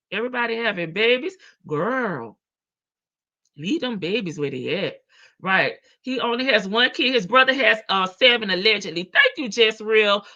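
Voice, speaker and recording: A woman's voice: medium pitch, bright, forceful tone, dull audio. A woman hosting a livestream, chatting casually, greeting viewers by name and laughing often. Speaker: livestream host. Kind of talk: casual chat reading out live comments.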